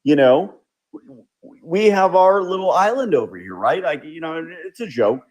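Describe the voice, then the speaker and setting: A man, the show's host, giving measured political commentary in an explanatory way. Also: a little high, expressive, darkish tone. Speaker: show host.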